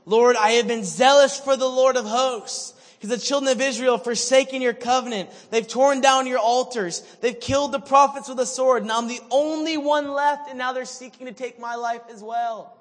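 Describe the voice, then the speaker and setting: A man voicing a despairing male prophet, loud and whiny with self-pity. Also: steady tone, moderate pace, hardly any pauses, in a large hall. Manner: high, loud, whiny complaint.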